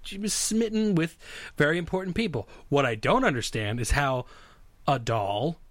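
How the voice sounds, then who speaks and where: A man's voice: a little high, expressive, moderate pace, dry recording. A man co-hosting a casual chat, joking and rambling through stories with many restarts.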